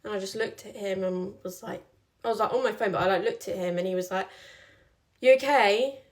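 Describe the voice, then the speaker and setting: A woman's voice: medium pitch, steady tone, fast. A young woman casually telling a personal story, chatty with lots of filler "like"s. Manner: chatty, many "like"s, acts out quoted lines.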